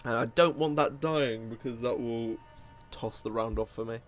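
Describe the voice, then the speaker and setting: A man's voice: medium pitch, moderate pace. A man giving casual, self-mocking commentary while playing a card game, often laughing at himself. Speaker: gaming video host.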